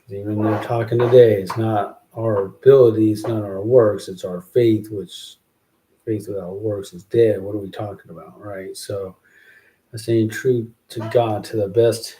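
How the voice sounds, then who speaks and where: A man talks in an unhurried, low-key way, circling back over the same phrases while he shapes a rhyme. His voice sits low and sounds warm and relaxed. He often stops to question himself before moving on. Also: a little hiss or hum. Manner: musing, halting, repeats phrases while working out lines. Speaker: podcast host writing rhymes. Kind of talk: casual thinking aloud while writing verses.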